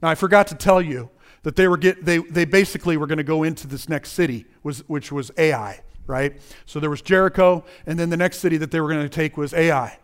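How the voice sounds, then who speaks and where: A man's voice: a little high, steady tone, a little fast, clean tone. A man giving a conversational sermon, talking directly to the listeners as guys and often restarting his phrases. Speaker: preacher.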